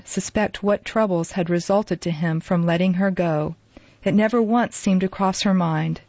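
A woman calmly narrating a novel in a measured reading. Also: lowish voice, no room sound. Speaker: audiobook narrator. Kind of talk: scripted narration. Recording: dull lo-fi dry recording.

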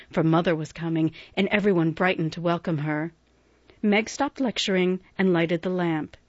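A woman reading a classic novel aloud as audiobook narrator, measured and expressive. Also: on the low side, no room sound, lo-fi sound.

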